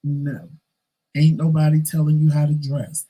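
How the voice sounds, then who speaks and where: A middle-aged man hosting a vlog, telling a story in a casual, animated way with a lot of emphasis. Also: fairly high pitch, unhurried, slightly rough, rough recording. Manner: animated, emphatic, says "child" often. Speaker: vlog host.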